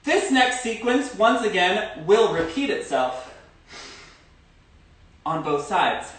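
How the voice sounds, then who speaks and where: A man's voice: high voice, very animated, slow, a bit bright. A man teaching a live-streamed dance class, counting steps aloud with chatty asides. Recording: echoey room, far from phone mic.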